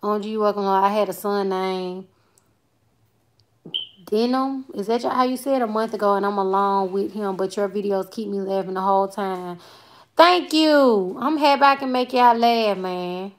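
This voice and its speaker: A woman's voice: mid-range voice, moderate pace. A woman in her twenties from Alabama with a Southern accent, chatting loosely and playfully with viewers on a livestream as she reads out their comments. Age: 20s. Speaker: comedian and livestream host. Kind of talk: casual livestream chat reading viewer comments.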